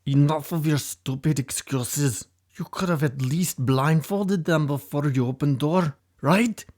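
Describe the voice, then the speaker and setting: A furious storybook gang leader who barks slow, heavy insults in a raised, strained voice, as a man puts him on. He is bossy and scornful. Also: on the high side, darkish tone, pitched above the performer's own voice, natural voice. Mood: angry.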